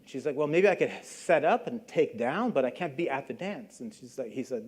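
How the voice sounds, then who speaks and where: A man's voice: medium pitch, animated, a little fast, few pauses, a little mellow, breathy edge. A middle-aged man giving a public lecture, telling a story in a conversational way and briefly acting out the people he quotes. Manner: conversational, acts out quoted voices. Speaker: guest lecturer.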